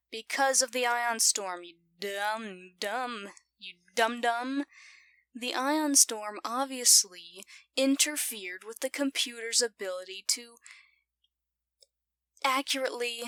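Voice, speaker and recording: Giggly woman reacting slowly and brightly. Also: a little high, no echo. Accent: non-standard English accent. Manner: giggly, playful, talking back to the screen. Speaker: video reactor. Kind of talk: casual reaction commentary.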